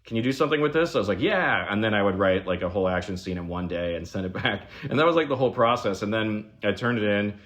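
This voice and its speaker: A man guesting on a podcast, telling stories in a casual, animated way, saying "like" a lot and acting out the people he quotes. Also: fairly low pitch, fast talker, hardly any pauses. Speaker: guest screenwriter.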